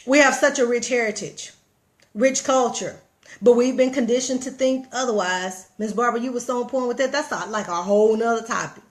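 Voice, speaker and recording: With a fairly high pitch and a brisk delivery, this Southern-accented woman vlogger livestreams a casual, animated pep talk with a preachy streak. She speaks to her viewers directly and reads their comments aloud.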